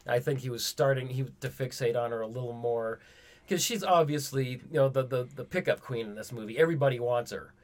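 A man's voice: mid-range voice, fairly quick. A man in casual movie talk, rambling and retelling scenes with quoted lines.

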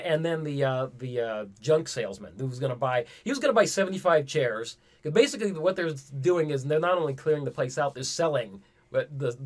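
A man in casual movie talk, rambling and retelling scenes with quoted lines. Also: mid-range voice.

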